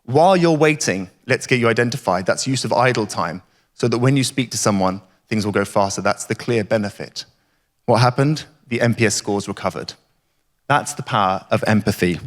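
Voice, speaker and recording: A man's voice: lowish voice, normal speed. A man giving an emphatic, rhetorical conference talk. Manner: emphatic, rhetorical, repeats catchphrases. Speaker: conference speaker. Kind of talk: keynote talk. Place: conference hall. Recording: reverberant hall.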